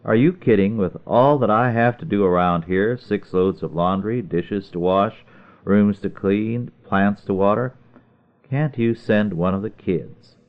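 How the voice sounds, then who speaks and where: A man reading as a sharp-tongued farm wife rattling off her chores, brisk and insistent. His voice stays deep. The sound is thin and tinny, like a phone line.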